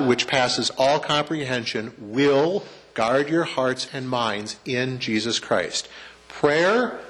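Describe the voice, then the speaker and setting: A man's voice: medium pitch, a bit bright. A man preaching a sermon to his congregation in a church, chatty and joking, asking the room questions. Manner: conversational preacher, asks the congregation questions and jokes. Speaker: pastor. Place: church sanctuary.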